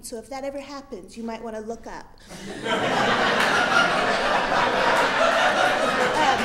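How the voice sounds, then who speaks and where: A woman's voice: high-pitched, heavy background noise. A woman from Utah reading her own funny stories on a comedy club stage with dry, wry humor. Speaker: storyteller. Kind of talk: live storytelling reading.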